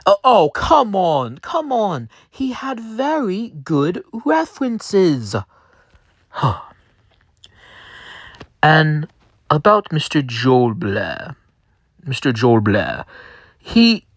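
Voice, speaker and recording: Guy doing a stammery nervous company boss, kinda high, dry sound. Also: wildly swooping pitch, slow pace, dry recording, heavily acted. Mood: flustered. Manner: stammering, apologetic. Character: flustered male company boss, sheepish and rambling.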